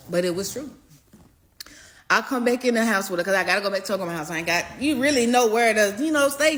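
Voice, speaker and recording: A young woman telling a personal story in a casual storytime video, animated and profane, swinging between loud outbursts and low mutters. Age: young adult.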